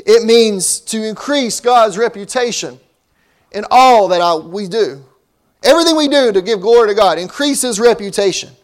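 A man preaching a sermon as pastor, with emphatic rising and falling delivery. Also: sits high.

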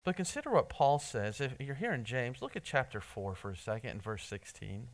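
A man preaching a sermon in church, earnest, often restarting his words and swinging between loud emphasis and soft asides. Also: medium pitch, animated, brisk. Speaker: pastor.

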